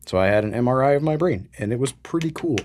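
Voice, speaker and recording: A man on a podcast, telling a story in a relaxed, chatty way. He slips into other people's voices as he goes, and his pitch sits in an ordinary middle range. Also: fast, slight background noise. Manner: animated storyteller, acts out quoted people. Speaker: podcast co-host. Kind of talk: casual storytelling chat.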